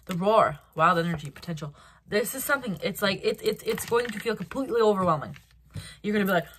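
Animated woman reading tarot cards. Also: medium pitch, quick pace, slight background noise. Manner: animated, acts out quoted reactions, hesitant restarts. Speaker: tarot reader. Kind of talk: solo tarot card reading.

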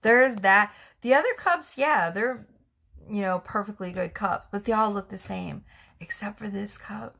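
A woman's voice: mid-range voice, normal speed, gravelly, a bit bright. A woman giving a casual tarot reading to camera, chatty and frank, often laughing. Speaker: tarot reader.

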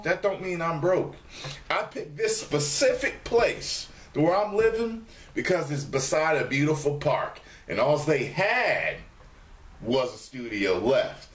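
A man with a voice on the high side vlogs casually to camera from his studio apartment's dining room. He's animated and profane, mimicking his commenters in a raised voice, and the sound is reverberant.

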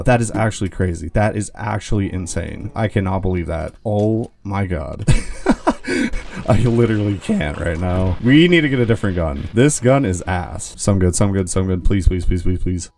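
A young man giving casual gameplay commentary as a gaming video host, excitable and swearing, yelling when he panics. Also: sits low, normal speed, vocal fry, hardly any pauses, a little hiss or hum. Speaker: gaming YouTuber.

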